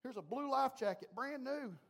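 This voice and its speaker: A man preaching a sermon as pastor, acting out the voices of doubters and of God, swinging from loud to hushed. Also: very high-pitched, animated, moderate pace.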